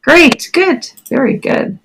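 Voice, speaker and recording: A woman's voice: animated, slow pace, creaky, noisy background. A woman teaching a child English in a chatty, encouraging one-on-one online lesson. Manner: encouraging, chatty, questions with rising pitch.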